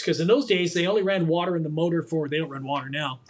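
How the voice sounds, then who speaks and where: Fast-talking older man telling stories. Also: on the high side. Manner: animated, quick storyteller who acts out quotes. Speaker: guest. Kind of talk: storytelling anecdotes in a conversation.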